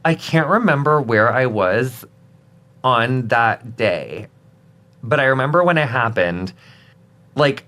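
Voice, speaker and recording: A man as an interview guest, telling stories in a chatty, animated way with lots of filler words and sudden dramatic outbursts. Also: mid-range voice, slow, pauses often. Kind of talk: casual interview chat.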